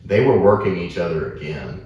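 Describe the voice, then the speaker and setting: A man co-hosting a casual podcast, telling profane, animated stories. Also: deep voice, brisk, highs cut off. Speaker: podcast co-host, wrestler. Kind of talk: casual storytelling chat. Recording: roomy echo, distant from mic.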